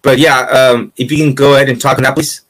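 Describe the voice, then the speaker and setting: A man's voice: medium pitch, level tone, fast, a bit bright, rough recording. Playful, rambling male interviewer. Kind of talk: casual interview.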